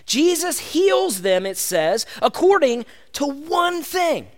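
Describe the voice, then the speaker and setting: A man with a high, light voice preaching a sermon. He talks to his listeners in a loose, conversational way and calls them "gang". His delivery is animated and energetic, now fast and now slow and emphatic. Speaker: pastor.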